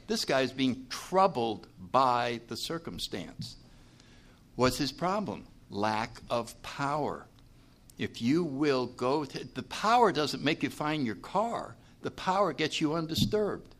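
A man's voice: medium pitch, a little slow. Guy giving a talk at a recovery meeting, folksy, voice jumps up and down a lot. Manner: animated, acts out what people say; folksy, plainspoken, asks listeners to follow. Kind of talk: live talk to an audience.

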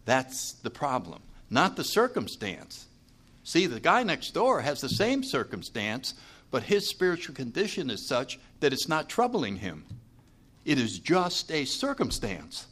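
A man speaking live to a recovery meeting audience, plainspoken and animated, often checking that listeners follow him. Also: medium pitch, a little slow. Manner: animated, acts out what people say.

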